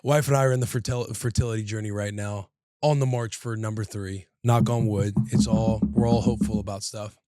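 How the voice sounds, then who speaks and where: A man in his thirties, a podcast co-host, telling a long story in casual chat, animated and slangy. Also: on the low side, fairly quick.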